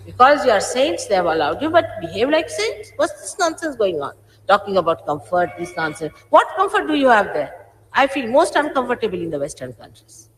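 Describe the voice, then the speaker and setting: A stern woman in her sixties scolds her followers, and her pitch leaps high and drops low as she presses each point. The archive recording carries a long, echoing hall reverb. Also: big pitch swings, fairly quick, slight background noise. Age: 60s. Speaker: spiritual teacher. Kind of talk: addressing followers.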